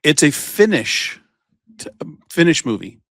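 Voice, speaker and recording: A man's voice: a little high, big pitch swings, a little slow, gravelly, fairly bright tone, no echo, studio quality. A man co-hosting a podcast, talking in a loose rambling way full of fillers and tangents. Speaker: podcast co-host. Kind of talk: casual chat.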